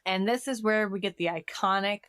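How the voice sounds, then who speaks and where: A woman's voice: medium pitch, a little fast, smooth, no echo, studio quality. A woman co-hosting a movie podcast, recapping scenes in casual chat and acting out the characters' lines. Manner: animated, acts out quoted lines. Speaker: podcast co-host.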